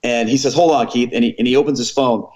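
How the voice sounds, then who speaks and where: A man in his forties, a former pastor and podcast guest, telling his conversion story in an earnest, animated way with quoted dialogue. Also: mid-range voice, fast, lo-fi sound. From American Midwest.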